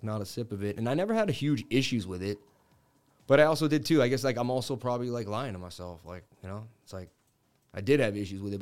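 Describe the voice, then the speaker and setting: Hosting a laid-back crypto stream, this Boston-area man in his 30s spins rambling stories loaded with "like" and "you know, man." He has a voice on the low side with a slightly mellow quality.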